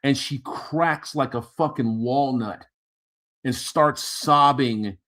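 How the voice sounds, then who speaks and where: A man's voice: medium pitch, takes it slowly, a bit bright. A man ranting crudely with heavy profanity while commenting on videos he plays. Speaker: commentary streamer. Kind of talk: casual reaction commentary.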